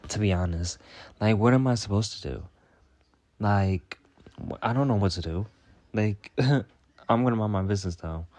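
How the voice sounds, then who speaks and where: Low-voiced sassy profane young man. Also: moderate pace, pauses often, a little mellow. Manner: sassy, profane, rambling with frequent "like". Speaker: comedy character host answering viewer questions. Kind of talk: comedic storytime monologue.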